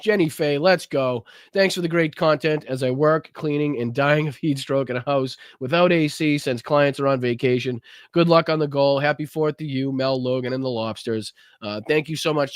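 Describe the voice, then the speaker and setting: A man's voice: mid-range voice, no room sound, studio quality. A man hosting a live podcast stream, ranting with lots of swearing, then thanking viewers from the chat. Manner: profane, impassioned ranting; calmer, halting reading of chat messages. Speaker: podcast host. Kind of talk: livestream rant and chat thank-yous.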